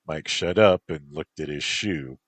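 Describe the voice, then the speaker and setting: A man calmly narrating a story as an audiobook. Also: very deep voice, unhurried, no echo.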